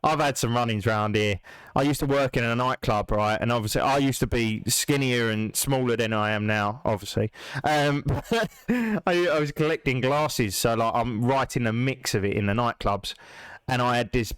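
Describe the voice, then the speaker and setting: A young man hosting a podcast. He tells stories in a lively way, laughs often and acts out quotes. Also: medium pitch, normal speed, smooth, no room sound. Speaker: podcast host. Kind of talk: casual podcast chat.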